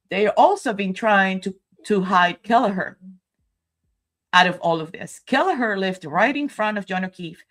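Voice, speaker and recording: A woman's voice: medium pitch, animated, moderate pace, fairly bright tone. A woman livestreaming commentary who talks straight to her viewers in an emotional, rambling way, stopping often to walk them through video footage. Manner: narrates video footage step by step.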